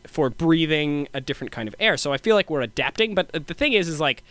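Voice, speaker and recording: Bright, crisp young man riffing on a podcast. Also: a little high, expressive, fast talker, no echo. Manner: playful, rambling, goes into silly voices. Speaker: podcast co-host. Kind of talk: casual conversational podcast.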